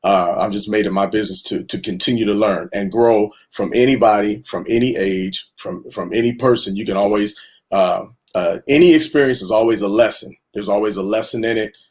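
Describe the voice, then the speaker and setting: A man introducing himself as a panel guest on a video call, speaking earnestly with many halting fillers. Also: fairly low pitch, a little mellow. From Houston area. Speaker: panel guest, music director and producer. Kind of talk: casual online panel chat.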